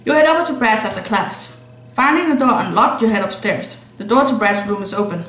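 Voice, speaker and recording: A woman's voice: mid-range voice, animated, brisk, fairly bright tone, echoey room, rough recording. Playful woman reading a game aloud. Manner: playful, laughing asides. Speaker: streamer. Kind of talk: reading a visual novel aloud.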